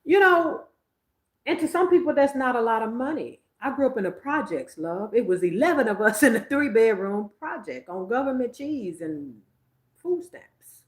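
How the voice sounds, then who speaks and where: A woman's voice: a little high, expressive, moderate pace, roomy sound. A woman, hosting a psychic livestream in casual, emphatic chat, laughing often. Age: 50s.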